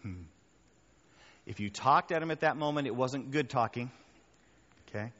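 A male pastor preaching a sermon in a conversational, animated way, often checking in with the crowd. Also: medium pitch, moderate pace. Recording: reverberant hall, dull muffled sound.

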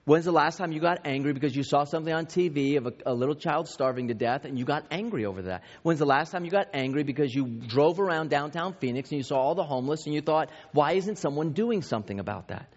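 A man's voice: fairly high pitch, fast talker, few pauses. Man preaching in an echoing hall. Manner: conversational, with self-deprecating family anecdotes and many restarts. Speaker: pastor. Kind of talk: sermon. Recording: reverberant hall, dull lo-fi sound.

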